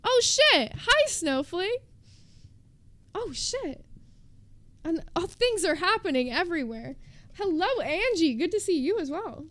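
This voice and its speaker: A woman's voice: very high-pitched, sing-song, measured pace, pauses often, a bit bright, dry recording. A woman livestreamer chatting casually with her viewers, joking and reading definitions aloud. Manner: chatty, joking, reads terms aloud to chat. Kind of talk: casual stream chat.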